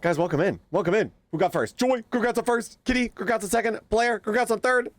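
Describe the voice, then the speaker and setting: A man's voice: sits high, fast talker, dry recording. A young man streaming live, chatting casually with his viewers and greeting them by name, now and then cooing at his pet. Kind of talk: casual livestream chat.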